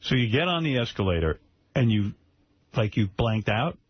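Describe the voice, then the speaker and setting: A man hosting a talk radio show, quick and needling, teasing a guest with questions. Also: mid-range voice, big pitch swings, husky, dry recording. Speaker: radio host. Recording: lo-fi radio broadcast audio.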